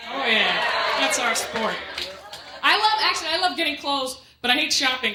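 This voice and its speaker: A woman working as MC and stand-up comic, doing a club set and bantering with the crowd in quick asides. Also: high voice. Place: comedy club stage with a live audience. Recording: echoey club room with loud noise.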